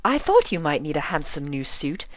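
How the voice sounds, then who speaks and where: A man's voice: a little high, huge pitch swings, a bit bright, no room sound, voice pushed up. A man voicing a haughty, refined female unicorn fashion designer in a posh, theatrical manner, in an audiobook reading. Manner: posh, theatrical, drawn-out vowels.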